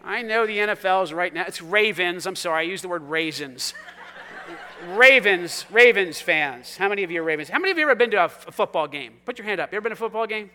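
A man preaching a sermon, talking with his congregation in a conversational, energetic way that swings from quiet asides to loud, exuberant calls. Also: high voice, very fast, few pauses. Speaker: pastor. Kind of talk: sermon with congregation call-and-response.

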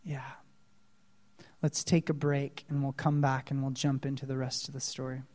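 Speaking in a mid-range voice with little pitch movement and at a moderate pace, a man preaches a storytelling sermon. It is dramatic, ranging from hushed asides to loud exclamations, with questions aimed at the listeners, all in a hall with long reverb.

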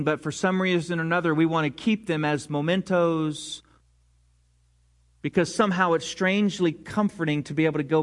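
A man with a notably high voice delivers a sermon in a church. He talks conversationally, stumbling and restarting sentences, and now and then drops his voice low and quiet for effect. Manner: conversational preaching with frequent restarts and sudden volume drops. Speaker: pastor. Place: church sanctuary.

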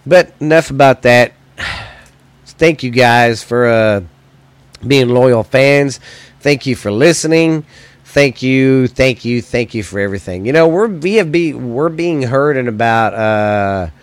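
A man's voice: medium pitch, animated, a little slow, smooth, no room sound. Profane, heated American man ranting. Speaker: podcast host. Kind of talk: solo political rant.

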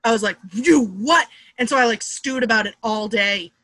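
A woman in her thirties from the Boston area, a comedian guest telling quick, animated stories and acting out what people said. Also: medium pitch, no room sound. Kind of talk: casual storytelling chat.

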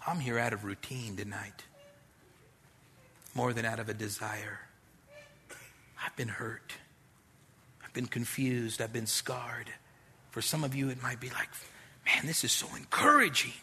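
A man's voice: mid-range voice, steady tone, unhurried, pauses often, bright, forceful tone, a little hiss or hum. A middle-aged man preaching a sermon as pastor, direct and conversational, with street slang.

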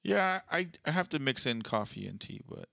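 A man co-hosting a comedy podcast, laid-back and joking as he reads out news stories with offhand asides. His voice is bright and edgy, with a gravelly fry running through it. The recording is dry and close. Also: fairly high pitch, very animated, normal speed, dry recording. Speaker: podcast co-host. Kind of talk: casual comedic chat.

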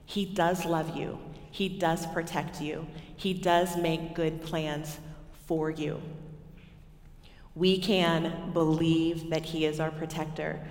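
A woman's voice: deep voice, flat delivery, slow pace. Texan woman preaching in an echoey hall. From Texas. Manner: storytelling, swings from loud to hushed. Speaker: women's ministry speaker. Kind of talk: sermon. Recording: echoey hall with long reverb.

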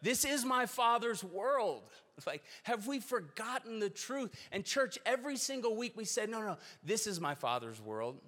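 A man's voice: sits high, sing-song, moderate pace, hardly any pauses, fairly bright tone. A man preaching a sermon, earnest and storytelling, with shifting emphasis. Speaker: pastor. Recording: long hall reverb.

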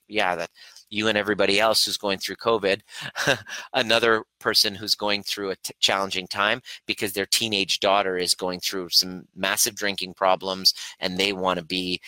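A man's voice: low voice, flat delivery, moderate pace, sharp tone, dry recording, poor audio. A man hosting a live Q&A, earnestly coaching viewers and acting out his own inner voice. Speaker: host, breathwork and trigger coach. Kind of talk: live-streamed Q&A teaching.

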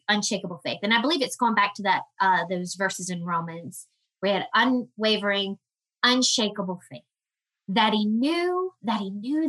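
A woman guest on a podcast, telling a personal story in an earnest, emotional way with halting restarts. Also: medium pitch, pushed and bright, poor audio.

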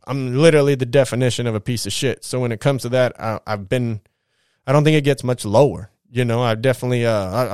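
A man's voice: medium pitch, smooth, no echo, clean studio sound. A young man bluntly telling his life story in casual, profane talk, full of restarts.

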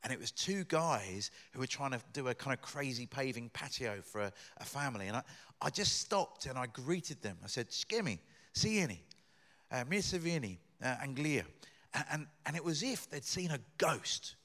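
A middle-aged man, giving a guest sermon as a lively storyteller who gets louder in the tense parts. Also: medium pitch, moderate pace. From Britain. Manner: animated storytelling, rising loud in acted bits. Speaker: guest speaker.

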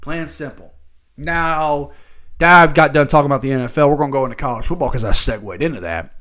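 A man's voice: a little high, quick pace, a bit bright. Fired-up profane man ranting about sports. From Louisville area. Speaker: sports talk host. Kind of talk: solo sports rant.

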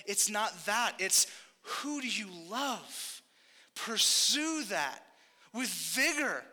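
A man's voice: high voice, expressive, measured pace, pushed and bright. A young man preaching a sermon in a casual, conversational way, with frequent asides to the congregation. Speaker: pastor. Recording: long hall reverb.

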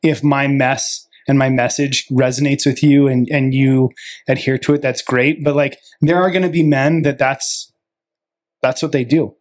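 A man's voice: mid-range voice, fairly even intonation, darkish tone. A man co-hosting a podcast, thinking aloud in casual chat with many restarts and fillers. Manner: reflective, halting, many fillers. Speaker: podcast co-host.

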